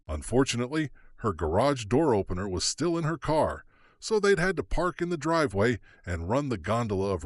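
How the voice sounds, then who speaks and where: Animated male thriller narrator, dry studio. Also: mid-range voice, no echo. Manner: dramatic, suspenseful reading. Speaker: audiobook narrator. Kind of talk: scripted narration.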